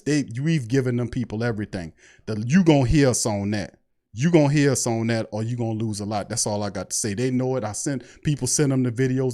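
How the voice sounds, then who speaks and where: A sports podcast host with a dark-toned, mid-range voice launches into a heated, profane fan rant. He is fired-up and preachy, peppering it with mocking asides and imitations.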